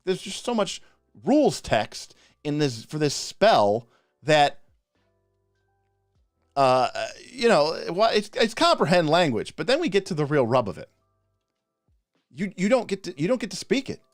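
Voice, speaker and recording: A man co-hosting a live stream, ranting passionately in a casual, animated way with frequent restarts. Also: on the high side, a little slow, long pauses, no room sound, studio quality, faint music behind. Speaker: podcast co-host reviewing game spells.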